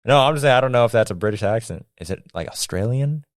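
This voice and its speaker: Casual podcast co-host, man, lively swooping pitch, dry close sound. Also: quick pace, no echo. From United States. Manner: animated, joking, thinks aloud. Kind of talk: casual chat.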